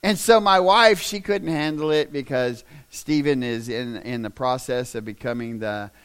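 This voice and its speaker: A male pastor delivering a sermon as a humorous, conversational story that builds into loud, emphatic stretches. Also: medium pitch, moderate pace, clean tone.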